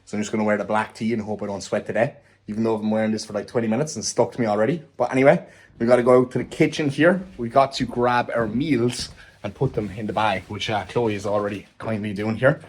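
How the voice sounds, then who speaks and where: A man's voice: on the low side, fairly even intonation, fast, slightly rough. Upbeat, chatty Irish man. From Ireland. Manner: upbeat, chatty, swears casually. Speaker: fitness coach and vlogger. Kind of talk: casual vlog chat. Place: car, home and outdoors.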